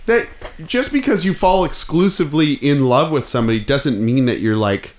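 Man, casual podcast chat, playful, mock-oratory asides, very lively intonation. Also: a little high, normal speed. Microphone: microphone close in front of face.

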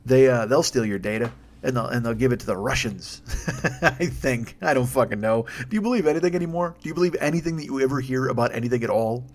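Male solo podcaster, rapid-fire rant, sarcastic, foul-mouthed, rambling. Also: medium pitch. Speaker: podcast host. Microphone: desk microphone.

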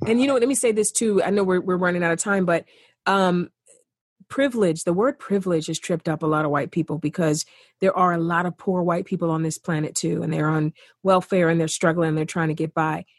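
A passionate woman speaking earnestly in a podcast chat. Her voice sits low and husky, and she presses her points by repeating them. The sound is dry and close. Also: fairly even intonation, fairly quick, no echo. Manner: passionate, emphatic, repeats for stress. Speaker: podcast guest. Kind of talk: earnest conversation.

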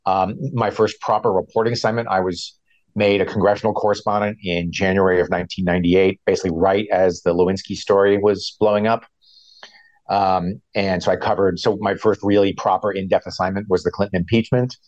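Middle-aged guy, lowish voice, reporter explaining stuff, lots of ums and restarts. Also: level tone, a little fast, a little mellow, no echo, muffled recording. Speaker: veteran White House reporter. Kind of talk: conversational interview answers.

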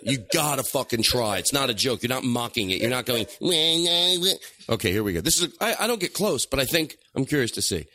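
A man hosting a comedy podcast in a studio, chatting in a rambling, excitable way with lots of laughing and restarts. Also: medium pitch, quick pace, hardly any pauses. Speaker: podcast host. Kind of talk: casual comedy podcast chat. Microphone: studio microphone.

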